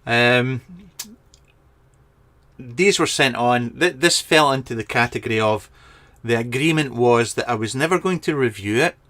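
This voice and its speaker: He's a vaping reviewer from Scotland, casually live-chatting to a webcam in his garden shed, reading viewer comments and joking with lots of ums and restarts. His medium-pitched voice is a bit bright and a little slow.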